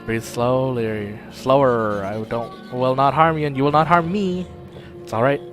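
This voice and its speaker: A man doing a calm soothing woman. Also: mid-range voice, faint music behind, natural voice. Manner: soft, reassuring, slow.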